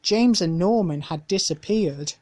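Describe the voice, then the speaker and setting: Slow, careful woman reading a storybook. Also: on the low side, warm tone. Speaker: storybook reader. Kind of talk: reading a children's book aloud.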